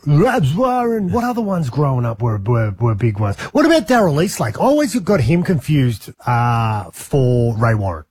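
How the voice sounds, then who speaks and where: A man's voice: medium pitch, big pitch swings, normal speed, few pauses, darkish tone, husky, dry recording. A man hosting a radio show, bantering in a playful, teasing way. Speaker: radio host. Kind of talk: casual banter.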